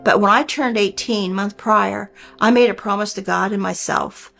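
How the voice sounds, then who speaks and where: An older woman in her sixties recounts a personal story with earnest, heartfelt feeling. Her voice sits at a middle pitch, and she often slips into the words she and others once said. Faint music plays softly behind her. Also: steady tone, moderate pace, gravelly. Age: 60s. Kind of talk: personal testimony.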